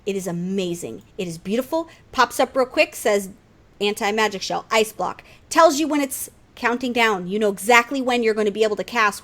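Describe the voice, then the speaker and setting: A woman co-hosting a gaming podcast in casual chat, animated and quick to swear and tease back. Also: mid-range voice. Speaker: podcast co-host.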